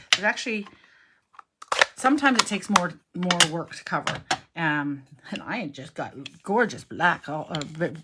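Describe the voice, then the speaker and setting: Heavy background noise surrounds a middle-aged woman with a fairly low voice as she leads an informal cardmaking lesson at her craft table. Chatty and thinking aloud while crafting, she often corrects herself.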